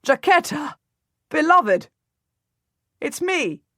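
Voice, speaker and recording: Knight, read by a woman: nobleman in armour, yelling happily, scolding after. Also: on the low side, moderate pace, husky, no echo, studio quality. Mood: overjoyed. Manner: yelling with joy, then scolding. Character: jubilant nobleman knight in armour, grown man.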